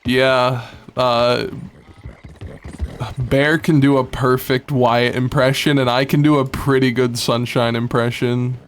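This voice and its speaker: A man's voice: medium pitch, little pitch movement, slow pace, slight background noise. A man with a Southern American accent chatting casually with his stream chat, rambling and restarting his sentences. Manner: rambling, laid-back, restarts often.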